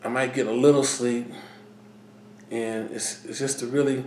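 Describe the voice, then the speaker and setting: A middle-aged man talking earnestly in a personal vlog, halting and repeating himself as he speaks. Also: medium pitch, flat delivery, a little mellow, reverberant, slight background noise. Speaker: vlogger. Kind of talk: personal vlog talk to camera.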